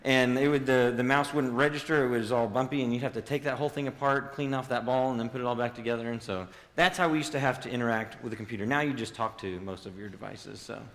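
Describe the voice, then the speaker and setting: A man's voice: medium pitch, quick pace, hardly any pauses, fairly bright tone. A man in his thirties giving a casual youth sermon, joking and quizzing the audience. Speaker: youth speaker. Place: large hall with audience. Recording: long hall reverb.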